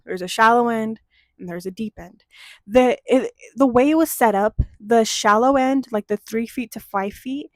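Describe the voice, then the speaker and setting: A young woman with a slightly high voice tells a childhood story in a loose, chatty way. She swears often and gets worked up as she goes. The recording is close and dry, with no room sound. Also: moderate pace, dry recording. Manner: animated, swears freely, gets heated. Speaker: podcast host telling a childhood story. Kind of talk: casual storytelling chat.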